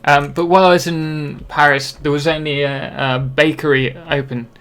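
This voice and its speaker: A man's voice: fairly high pitch, steady tone, moderate pace, fairly bright tone, smooth. A young man from Britain chatting casually on a live game stream, rambling and self-deprecating, with many ums and restarts. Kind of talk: casual live-stream chat while playing.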